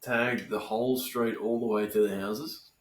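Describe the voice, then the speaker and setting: A man's voice: on the low side, fairly even intonation, unhurried, reverberant. An Australian man hosting a casual podcast interview, laid-back and ribbing his guest with easy swearing. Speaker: podcast host.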